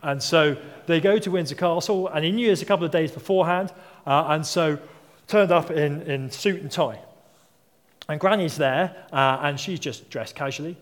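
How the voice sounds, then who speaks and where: A man's voice: on the high side, normal speed. A man in his thirties or forties preaching a sermon, telling stories in a conversational way and asking rhetorical questions. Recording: long hall reverb.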